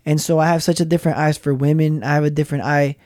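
Brief: male podcast guest, warm low-edged tone, restarts a lot, talks marriage casually. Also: flat delivery, racing. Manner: rambling, repeats words, acts out quotes. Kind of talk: casual faith chat.

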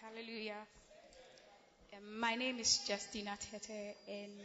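A woman's voice: medium pitch, little pitch movement, a little slow, bright, forceful tone. Giggly young woman testifying. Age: young adult. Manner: chatty, giggly, with many fillers. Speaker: church member giving testimony. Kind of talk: emotional spoken testimony. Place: large church hall. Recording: reverberant hall, dull sound.

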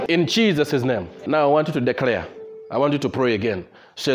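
Speaking a little fast with lively intonation and medium pitch, a pastor preaches to his congregation with a crowd audible behind him. His sermon is emphatic and repetitive, and he leads the church in prayer.

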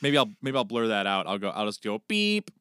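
Jokey podcast co-host, man, bright clear voice, dry close recording. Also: lowish voice, quick pace, dry recording. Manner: jokey, animated storytelling. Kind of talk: casual chat.

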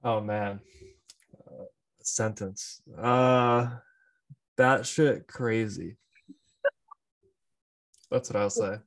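A man's voice: fairly low pitch, steady tone, slow pace, pauses often. Laid-back man chatting about movies. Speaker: podcast co-host. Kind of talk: casual movie chat.

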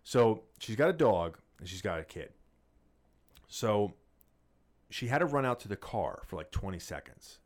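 A man co-hosting a casual podcast chat, telling a profane, animated story. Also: on the low side, measured pace, long pauses. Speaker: podcast co-host.

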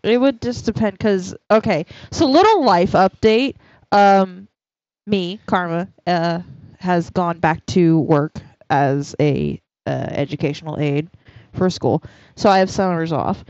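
A woman co-hosting a casual morning podcast from home, blunt and quick to swear. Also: on the low side, a little mellow, no echo, highs cut off. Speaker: podcast co-host. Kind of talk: casual chat. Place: at home, folding laundry.

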